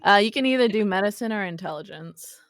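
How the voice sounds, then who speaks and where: A woman narrating as game master, playful and quick to laugh as she teases her players. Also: mid-range voice, animated.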